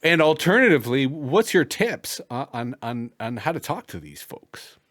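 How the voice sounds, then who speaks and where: A man from Canada with a Canadian accent, hosting a podcast interview in an animated, hammy way with stammered restarts. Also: medium pitch, normal speed. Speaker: podcast host.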